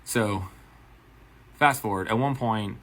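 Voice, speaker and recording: A bartender and manager tells a profane story-time anecdote, acting out the quotes in an animated retelling. His voice sits lowish and moves slowly.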